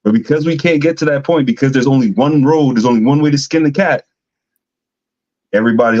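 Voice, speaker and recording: A man on a podcast panel, making his argument in a measured way. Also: medium pitch, darkish tone, muffled recording. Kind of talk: casual panel talk.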